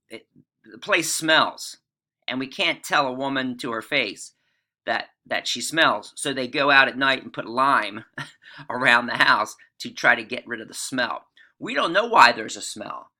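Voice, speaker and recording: Middle-aged guy teaching english, super bright punchy voice, chatty lecture, keeps asking "right?". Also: medium pitch. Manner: conversational, checks in with listeners, reads passages aloud. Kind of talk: literature lecture.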